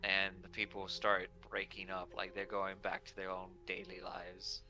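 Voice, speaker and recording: A man's voice: deep voice, monotone, moderate pace, sharp tone, faint music behind. A man narrating as dungeon master in a casual tabletop game, talking loosely with many fillers.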